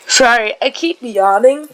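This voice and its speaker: A woman's voice: medium pitch, slight background noise, low-quality recording. A woman reading a story game aloud in a sleepy way, stumbling over words, correcting herself and breaking off for casual asides.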